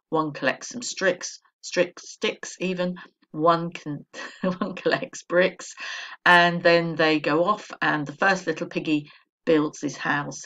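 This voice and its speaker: An English woman teacher talks through a recorded lesson for young pupils. Her voice has a gravelly, creaky edge. She explains each step clearly and patiently. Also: low-pitched, fairly bright tone. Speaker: primary school teacher.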